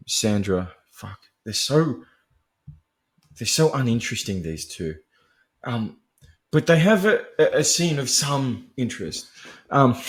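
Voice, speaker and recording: A man hosting a podcast, casually recapping a film in a profane, laughing, rambling monologue. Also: on the low side. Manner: chatty and profane, laughing often; digressive, full of fillers and restarts. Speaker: podcast host.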